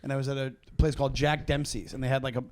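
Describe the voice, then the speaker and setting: A middle-aged male comedian telling stories in casual podcast banter, ranting loudly with swearing and laughter. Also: medium pitch, little pitch movement, racing. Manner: loud, heated ranting with profanity and laughter. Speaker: guest comedian.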